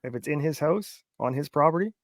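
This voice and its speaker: A man's voice: a little high, expressive, fairly quick, dry recording, clean studio sound. A man co-hosting a casual chat, arguing his point and cracking crude jokes. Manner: argumentative, crude joking. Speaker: co-host.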